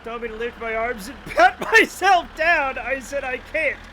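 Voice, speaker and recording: A man with a strikingly high, bright, sharp voice, chatting while streaming a game. He jokes, swears freely and laughs a lot. A faint hiss sits under his speech. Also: animated, moderate pace, low-quality recording. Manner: joking, swearing, laughing often. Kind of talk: casual livestream commentary.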